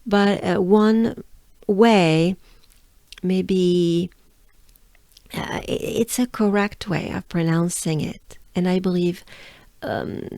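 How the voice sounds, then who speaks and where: French-accented woman teacher, unhurried drills, dry close sound. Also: fairly low pitch, fairly even intonation, mellow, dry recording. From France. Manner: patient, drills sounds slowly with repetitions. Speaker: pronunciation teacher. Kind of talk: pronunciation lesson.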